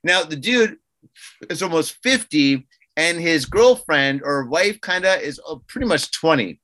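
A man co-hosting a podcast in casual chat, animated and quick to laugh. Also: on the high side, dry recording. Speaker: podcast co-host.

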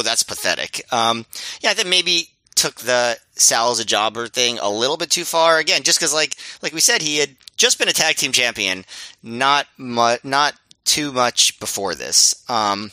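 A man's voice: medium pitch, pushed and bright, clean tone, no echo, low-quality recording. A man co-hosting a podcast, chatting casually with dry teasing humor. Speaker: podcast co-host.

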